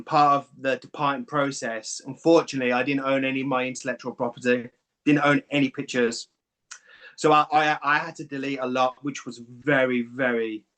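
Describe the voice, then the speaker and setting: A man, a clinic owner and guest, telling his story candidly and with feeling, swearing casually. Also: mid-range voice. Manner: emotional, swears casually, animated retelling.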